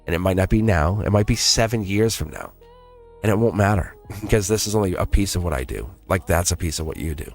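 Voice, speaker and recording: A man giving a live-streamed tarot reading in an earnest way, repeating himself and laughing often. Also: sits low. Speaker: tarot reader.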